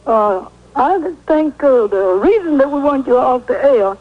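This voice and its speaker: A woman's voice: high-pitched, lively intonation, a little slow. A woman calling a radio show, scolding and indignant, with hesitant fillers, heard over a lo-fi phone line. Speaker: caller. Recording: lo-fi telephone call on radio.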